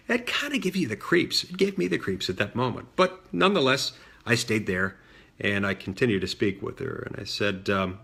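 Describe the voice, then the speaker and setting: Husky middle-aged man telling a story. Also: fairly low pitch, animated, a bit bright. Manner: measured, many fillers and restarts, mimics voices in quotes. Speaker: senator recounting a childhood story. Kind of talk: storytelling monologue.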